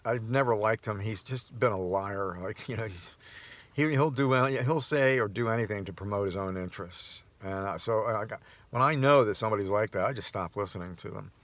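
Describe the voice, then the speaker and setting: Rambling low-voiced man vlogging. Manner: rambling, with frequent restarts and chuckles. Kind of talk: casual personal monologue.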